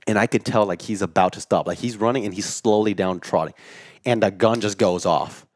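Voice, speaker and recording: Animated low-voiced man telling a hunting story. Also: brisk, no room sound, studio quality. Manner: animated storyteller, acts out quotes, says "like" a lot. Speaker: podcast co-host. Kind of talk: casual storytelling chat.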